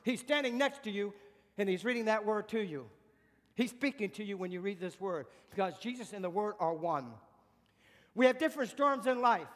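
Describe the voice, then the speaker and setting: High-voiced preacher man in echoing hall. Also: expressive, moderate pace. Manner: emphatic preaching with repeated questions and spoken praise. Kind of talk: sermon.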